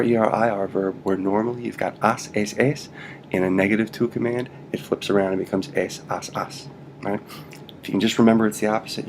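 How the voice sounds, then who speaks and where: A man with a lowish, gravelly voice teaches a relaxed Spanish lesson to camera. He is playful and jokey, tossing in asides and constant "right?" check-ins. A faint hum of noise sits under the voice. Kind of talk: casual video lesson.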